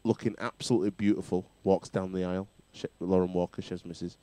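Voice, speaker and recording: A man's voice: sits low, steady tone, fast talker, mellow, no echo. A man hosting a casual rugby chat show, bantering and laughing often. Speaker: talk show host.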